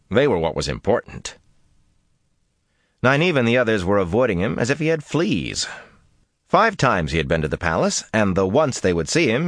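A man narrating a fantasy audiobook with expressive, dramatic delivery. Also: fairly low pitch, no echo, studio quality.

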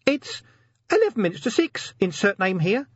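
A man voicing a tiny nervous male imp, squeaky and quavering, meek and defensive. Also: wildly swooping pitch, normal speed, dry recording, highs cut off, full character voice.

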